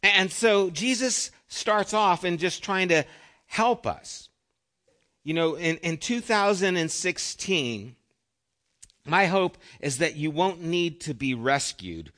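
Asking questions of his congregation, a middle-aged man delivers his sermon earnestly and conversationally, with some phrases falling soft. His voice is high-pitched.

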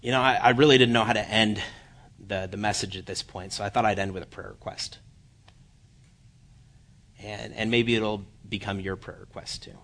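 Bright-voiced man preaching with humor. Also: fairly low pitch, fairly even intonation. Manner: self-deprecating humor, halting restarts. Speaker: guest preacher. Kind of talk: sermon. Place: church.

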